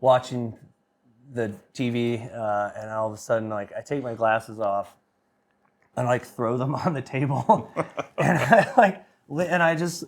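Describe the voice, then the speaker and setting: Podcast guest, man in his 30s, excitable rambler, salty language, mid-range voice. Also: medium pitch, unhurried. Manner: excitable, rambling, swears freely. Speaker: guest band member. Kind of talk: casual anecdote telling.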